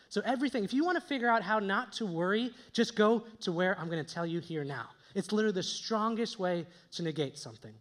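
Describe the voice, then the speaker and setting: Young guy preaching, kinda high voice, chatty and jokey. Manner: conversational, joking asides. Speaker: pastor. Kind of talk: sermon.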